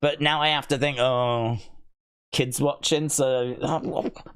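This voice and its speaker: A man hosting a live stream, reading viewer comments aloud in casual, playful chat and teasing them, often leaping into a high mock-outraged voice. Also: fairly even intonation, takes it slowly, fairly bright tone, clean tone. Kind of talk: casual watch-along chat.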